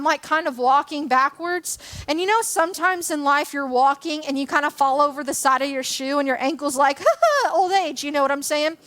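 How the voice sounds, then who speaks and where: A young woman in her twenties with a high voice speaks to a church congregation. She tells a personal story in a chatty, self-deprecating way, with lots of "um" and "like." She sounds relaxed and conversational, not formal. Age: 20s. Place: church hall.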